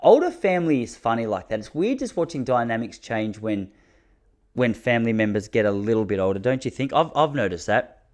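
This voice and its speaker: A man's voice: medium pitch, sing-song, a little fast, a little mellow. A man in his thirties with an Australian accent, hosting a podcast in a rambling, casual solo monologue full of slang. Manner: rambling storytelling with slang and restarts. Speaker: podcast host.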